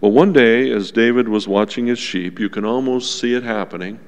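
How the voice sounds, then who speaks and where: A male pastor preaching a sermon to his congregation in a gentle, unhurried teaching tone, with asides to the listeners. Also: mid-range voice, clean tone. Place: church sanctuary. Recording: long church reverb.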